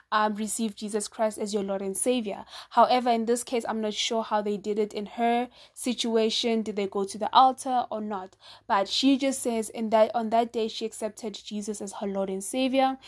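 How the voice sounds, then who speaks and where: A woman with a slightly high voice hosts a podcast and retells a listener's testimony. She speaks conversationally and keeps checking in with the listener as she goes. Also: darkish tone. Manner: conversational, with frequent fillers and rhetorical check-ins. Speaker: podcast host.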